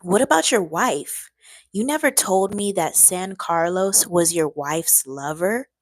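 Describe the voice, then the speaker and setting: A woman reading aloud and voicing a furious male emperor who rants slowly and emphatically. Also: on the low side, expressive, no room sound. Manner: angry, ranting, slowed and emphatic.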